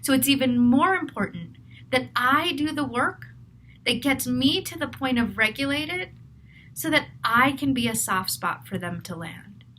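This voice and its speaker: Earnest bright-voiced woman talking through feelings. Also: high voice, expressive, measured pace, slight background noise, poor audio. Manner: earnest, self-reflective, talks through feelings aloud. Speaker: therapist. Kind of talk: reflective talk to camera.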